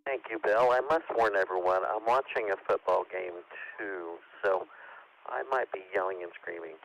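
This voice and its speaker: A man's voice: low-pitched, moderate pace, a crowd in the background, poor audio. A man giving astronomy club news on an amateur radio net in a chatty way, correcting himself as he goes. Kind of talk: ham radio club announcements. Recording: hissy radio transmission.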